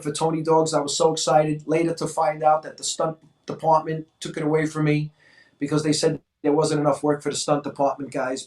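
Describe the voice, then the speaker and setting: A man in his sixties from New York, a co-host telling stories in an animated way and acting out voices in casual chat. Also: fairly high pitch. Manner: animated, acts out quoted voices. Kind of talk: casual storytelling. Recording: echoey room, mic at a distance.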